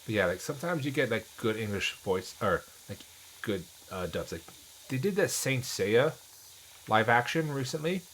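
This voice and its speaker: A man's voice: medium pitch, lively intonation, normal speed, a bit bright, a little hiss or hum, low-quality recording. A man streaming a game and chatting casually with viewers, rambling with many restarts. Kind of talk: casual chat while gaming.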